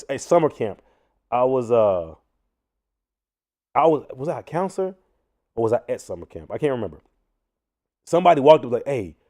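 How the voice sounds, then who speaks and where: Animated man riffing loudly on clips. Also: mid-range voice. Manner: loud, animated, mocking, slangy. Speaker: host. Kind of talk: casual commentary on news clips.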